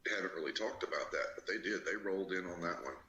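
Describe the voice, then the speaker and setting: A man being interviewed, recounting an expedition in a slow, halting way with many fillers. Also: low voice, dull audio, crowd noise. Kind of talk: storytelling in an interview. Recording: bright, echoey room with faint background noise.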